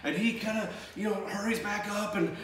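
A man tells a nerve-wracking story in casual chat, his voice a bit higher than most and rising as he gets carried away. He sits back from the mic in an echoey room with a faint hiss behind him. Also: brisk, far from the mic. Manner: animated, laughing while retelling a scare. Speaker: treasure hunting team member.

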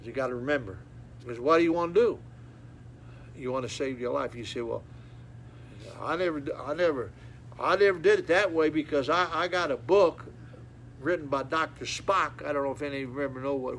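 Man preaching, gravelly tone, bright forceful delivery, folksy storytelling, faint hiss behind. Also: medium pitch. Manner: folksy, repetitive, animated storytelling with acted child cries. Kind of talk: sermon.

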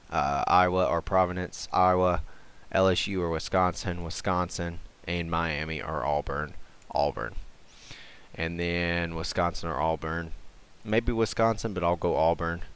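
A man with a low, smooth, clean voice talks over a screen recording in a relaxed, thinking-aloud way. He hesitates often, fills gaps with "uh" and "um", and corrects himself as he goes. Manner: unhurried, hesitant, lots of fillers and self-corrections. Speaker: gaming and sports channel host. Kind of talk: casual thinking-aloud commentary.

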